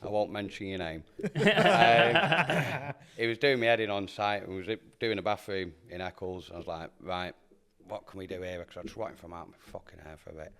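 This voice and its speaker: A man's voice: lowish voice, animated, normal speed, a bit bright. A man telling a mischievous prank story in casual banter, swearing freely.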